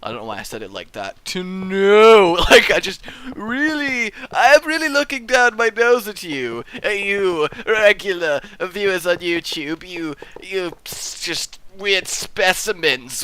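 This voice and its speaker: A young man hosting a gameplay video, rambling through excitable, goofy commentary and swearing freely. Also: a little high, measured pace, dry recording. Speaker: let's play host.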